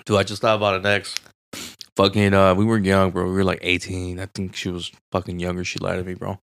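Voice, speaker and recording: A man's voice: low-pitched, monotone, a little fast, vocal fry, a bit bright, smooth, no room sound. A young man from Southern California on a podcast, telling crude stories full of swearing and "bro". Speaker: podcast co-host. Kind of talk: casual podcast chat.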